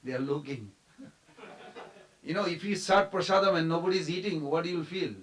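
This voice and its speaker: A man with a somewhat high voice leads a devotional story class. He talks in an animated way, stops often to quiz his listeners, and briefly acts out the figures he describes. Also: normal speed, pauses often, rough recording. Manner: animated, quizzes the audience, acts out quoted figures. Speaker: temple class speaker.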